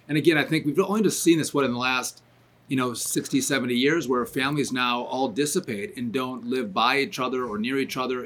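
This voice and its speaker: A man speaks at a middle pitch, casual but earnest. He gives advice in a sincere, steady way. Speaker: podcast guest. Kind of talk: casual chat.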